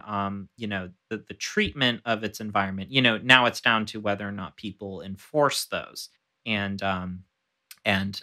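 A male podcast co-host who reads a historical account in a measured way, then chats loosely with lots of filler words. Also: lowish voice, sharp tone. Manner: measured when reading, loose with fillers when chatting. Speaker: podcast co-host and tour guide. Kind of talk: casual chat and reading aloud from a historical account.

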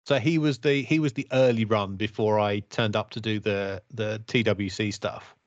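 A man co-hosting a podcast, talking in a wry, critical, measured way as he reviews episodes. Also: on the low side, steady tone, no echo. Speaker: podcast co-host. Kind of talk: casual review chat. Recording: dull, dry podcast audio.

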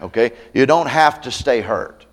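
A man's voice: medium pitch, lively intonation, measured pace. A man pastor preaching a sermon at a camp meeting, conversational and candid, with self-deprecating humor. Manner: conversational, acts out quoted voices.

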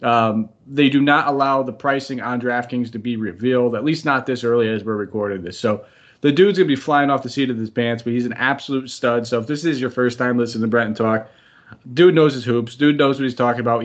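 An upbeat man from the United States runs a sports podcast, talking friendly and loose as he rambles through the slate. His mic sounds a little dull and lo-fi. His pitch sits right in the middle. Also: steady tone, fairly quick. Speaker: podcast host. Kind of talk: sports betting podcast talk.

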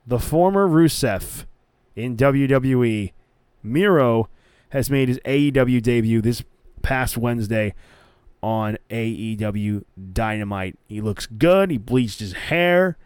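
A young man hosting a wrestling podcast alone, chatting casually and getting excited, often repeating words. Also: medium pitch, takes it slowly, smooth, no echo, clean studio sound. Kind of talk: casual solo commentary.

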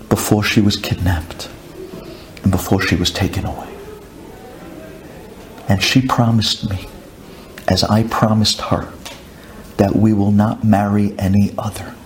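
A man voicing a poor, heartbroken man who speaks low and aggrieved. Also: slight background noise. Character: grieving poor man, quiet and bitter.

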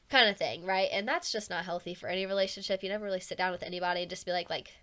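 A young woman speaks alone on her podcast in an easy, chatty way. Her voice sits in an ordinary middle pitch. She talks earnestly and openly, and "like" keeps slipping into her sentences. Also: fast, few pauses, pushed and bright, dry recording. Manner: chatty, heavy use of "like", frank and earnest. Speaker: podcast host. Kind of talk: casual personal podcast monologue.

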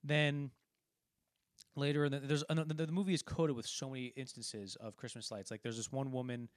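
A man's voice: mid-range voice, steady tone, brisk, no room sound, studio quality. A man casually talking through a film, rambling and acting out quoted lines as he retells scenes. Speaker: podcast co-host.

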